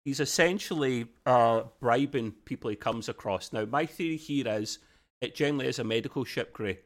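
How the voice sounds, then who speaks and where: A man's voice: medium pitch, moderate pace. A man with an Australian accent co-hosting a podcast, chatting casually and enthusiastically, with lots of restarts. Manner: rambling, enthusiastic, frequent restarts and fillers. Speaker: podcast co-host. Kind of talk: casual review chat.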